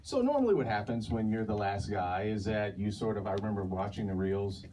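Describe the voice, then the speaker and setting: A man animator telling stories on a panel in a lively way, laughing as he talks. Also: lowish voice, a little fast. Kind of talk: panel reminiscence. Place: panel talk before an audience. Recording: distant mic with clear background noise.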